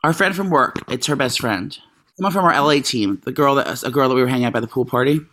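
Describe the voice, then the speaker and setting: A man in casual conversation, rattling off stories at a brisk clip. He talks with lots of fillers and quick restarts, at a middling pitch. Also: slight background noise. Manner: animated storytelling, frequent fillers. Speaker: podcast co-host. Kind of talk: casual chat.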